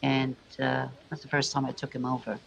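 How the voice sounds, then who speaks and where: A man's voice: mid-range voice, completely flat delivery, normal speed, creaky, a bit bright, lo-fi sound. A man from England telling rambling family stories, full of restarts and asides. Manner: meandering, frequent restarts and asides. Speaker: vlogger. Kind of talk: rambling personal storytelling.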